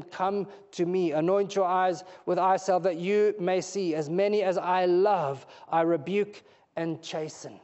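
High-voiced preacher in an echoing hall. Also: male voice, fairly even intonation, unhurried. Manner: emphatic, rising to loud pleading peaks. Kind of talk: sermon. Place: church hall. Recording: reverberant hall.

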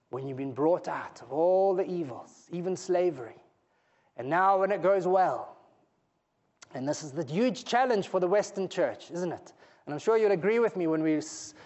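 A man preaching a sermon in a church hall, emphatic and rising to loud pleading peaks. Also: medium pitch. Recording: reverberant hall.

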